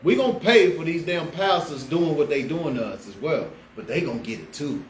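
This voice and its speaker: A man preaching a street-style Bible class, fiery and slangy, swinging between loud outbursts and low asides. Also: lively intonation, a little fast. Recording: echoey room with faint background noise.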